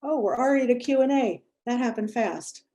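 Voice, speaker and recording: A middle-aged woman, a mindfulness and yoga instructor, guiding breathing and chatting gently and self-deprecatingly to a group over a video call. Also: a little high, expressive, a little fast. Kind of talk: guided breathing and casual talk to a group.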